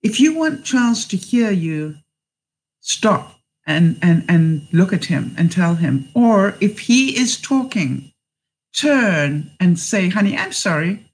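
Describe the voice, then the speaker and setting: A woman's voice: lowish voice, very animated, takes it slowly, a little mellow. A middle-aged woman vlogger on a live stream, reading viewers' comments aloud and giving them chatty life advice by name. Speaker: vlogger answering live chat.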